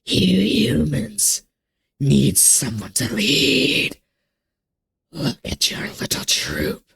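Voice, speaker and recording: A man putting on a gravelly, hissing voice to read the lines of an arrogant, preachy ancient male ruler in a video game. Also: mid-range voice, wildly swooping pitch, very slow, fairly bright tone, heavily acted. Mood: menacing. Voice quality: gravelly strained put-on voice. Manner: hissing half-whispered villain delivery. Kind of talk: reading game dialogue aloud in character.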